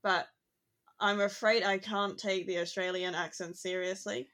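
A woman's voice: mid-range voice, fairly even intonation, moderate pace, a bit bright. Casual co-host: woman, conversational, reflective, easy laughter. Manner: chatty, reflective, laughs easily. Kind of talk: casual chat.

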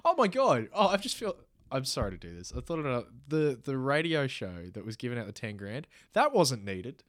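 A man co-hosting a casual film review chat, animated and jokey, swearing a lot. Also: mid-range voice, a little fast, dry recording, clean studio sound. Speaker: podcast co-host.

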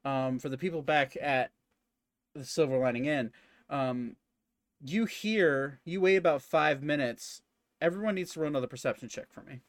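A man narrating as game master of a tabletop game in a casual, halting way with many fillers. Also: a little high, no echo.

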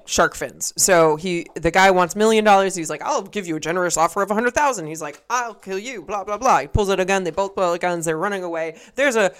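A woman's voice: fairly low pitch, fast talker, few pauses. A woman co-hosting a podcast, recapping a movie in rambling casual chat and often laughing. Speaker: podcast co-host.

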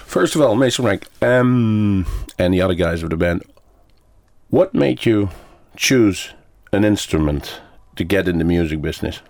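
A Dutch radio host, a native Dutch speaker, interviewing guests in the studio in friendly, hesitant English and chuckling often. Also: male voice, sits low, expressive, moderate pace, vocal fry, a little mellow, no room sound.

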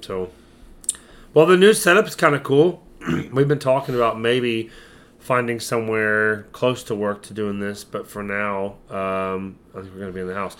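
Hoarse man in his thirties. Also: lowish voice, normal speed. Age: 30s. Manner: rambling, chatty and upbeat. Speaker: podcast co-host. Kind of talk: casual podcast chat.

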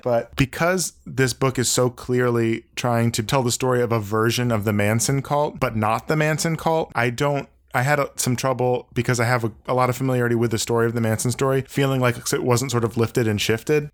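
A man co-hosting a book discussion, giving an organized, measured review. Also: mid-range voice. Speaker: book club podcast co-host.

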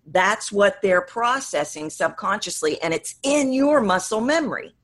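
A woman's voice: mid-range voice, animated, measured pace, a bit bright. A woman voice coach, a guest in an interview, explaining her work and acting out examples mid-sentence.

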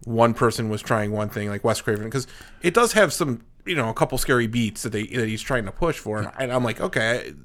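A man's voice: medium pitch, lively intonation, a little fast, a bit bright. A man in a casual movie review chat, rambling with many restarts and "you know"s. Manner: rambling, full of restarts and fillers.

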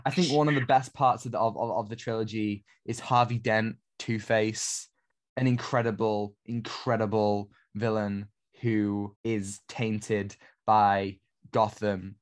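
A man's voice: fairly low pitch, steady tone, a little slow. Enthusiastic male podcast co-host. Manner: effusive, enthusiastic. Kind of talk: casual podcast discussion.

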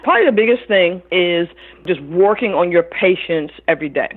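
A middle-aged woman talks as an interview guest, full of lively stories where she acts out the people in them. Her voice comes through a thin, tinny phone line. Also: fairly low pitch, moderate pace, husky. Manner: animated storyteller who acts out other people's voices. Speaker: author and caregiver guest. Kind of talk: interview conversation.

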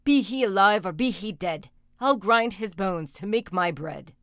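A woman voicing a huge, greedy male ogre in a storybook, loud and gruff. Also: mid-range voice, lively intonation, measured pace, dry recording, studio quality. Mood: booming.

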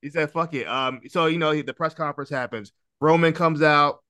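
A man co-hosting a podcast in casual chat, talking excitedly, laughing and swearing. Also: a little high, a little fast, clear, resonant tone, no echo. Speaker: podcast co-host.

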